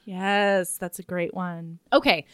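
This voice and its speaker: With crowd noise in the background, a young woman co-hosting a book podcast talks slowly in a fairly low voice. She's candid and blunt in the casual chat and swears freely.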